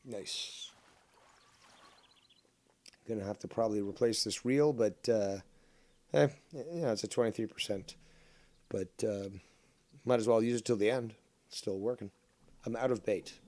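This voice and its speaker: Rambling profane man streaming. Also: on the low side. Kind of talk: casual live-stream chat while gaming.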